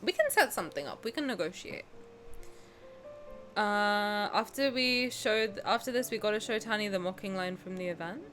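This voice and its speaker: Woman, young adult, streamer, casual reaction chat, bright tone, excitable, salty language. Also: medium pitch, moderate pace, faint music behind. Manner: excitable, swears, bursts into loud outcries.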